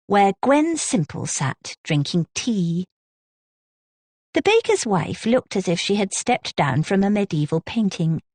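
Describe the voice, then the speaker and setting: A woman narrating an audiobook in a measured, descriptive manner on a close studio mic. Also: mid-range voice, a little mellow, dry recording. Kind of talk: scripted narration.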